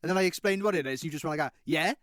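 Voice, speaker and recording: A man's voice: fairly high pitch, racing, a bit bright, no room sound, studio quality. A man co-hosting a podcast, teasing his friend with swearing and laughs. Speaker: podcast co-host. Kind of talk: casual chat.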